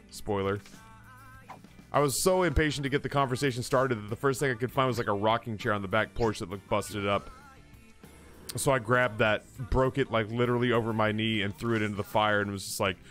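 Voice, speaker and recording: A man's voice: lowish voice, brisk, a bit bright, soft background music. Rambling, profane male storyteller. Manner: rambling, profane, self-interrupting. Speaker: streamer. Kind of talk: casual drinking-story storytelling.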